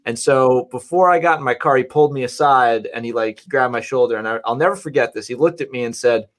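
A man's voice: mid-range voice, fast talker, hardly any pauses. A man in casual chat, telling a story in an earnest, reflective way.

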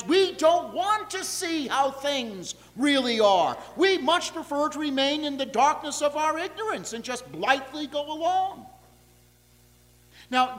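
Pastor, male, unhurried sermon delivery, lively and high voice, long church reverb. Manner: expressive, deliberate preaching with lively emphasis. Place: church sanctuary.

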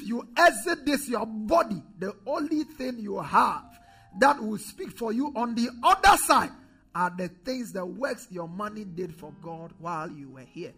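A pastor preaching a sermon, calling on the congregation to repeat phrases, swinging from loud declarations to low quiet asides. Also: male voice, slightly rough. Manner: preaching with call-and-response to the congregation.

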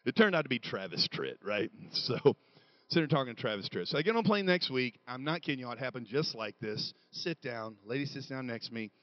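A man preaching a comedic sermon, telling stories with animated quoted voices and building to shouts. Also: medium pitch, fairly quick, no echo, dull audio.

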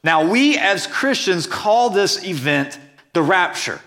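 A man's voice: high voice, big pitch swings, slow pace, pushed and bright. A man preaching a sermon as pastor, reading scripture and explaining it earnestly and emphatically.

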